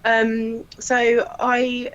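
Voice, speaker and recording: A woman, a crime scene investigator telling lively anecdotes and acting out what people said, often laughing. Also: fairly high pitch, very slow, dull audio. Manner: lively, laughing storyteller who acts out quotes.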